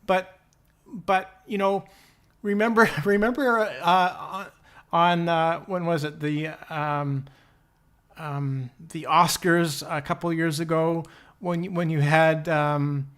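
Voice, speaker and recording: A man co-hosting a podcast, speaking haltingly with constant restarts and fillers. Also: fairly high pitch, steady tone, fairly bright tone, clean tone. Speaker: podcast co-host. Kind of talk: podcast discussion.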